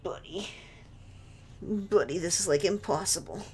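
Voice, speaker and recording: A woman's voice: fairly low pitch, a little slow, darkish tone. A woman streaming a video game from home, chatting and joking with viewers and her dog, laughing often. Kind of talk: casual gaming stream chat. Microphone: desk mic with webcam.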